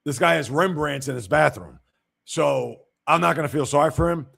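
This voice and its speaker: A male sports host riffing on a livestream with blunt, opinionated takes. His voice sits a bit high and carries a gravelly rasp. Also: normal speed, fairly bright tone. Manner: blunt, opinionated, reacts to chat. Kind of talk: casual livestream commentary.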